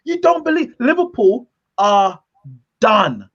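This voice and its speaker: High-voiced man mocking a rival club. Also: animated, a little fast. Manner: mocking, argumentative. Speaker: football fan panelist. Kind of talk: heated football fan chat. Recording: slightly dull sound.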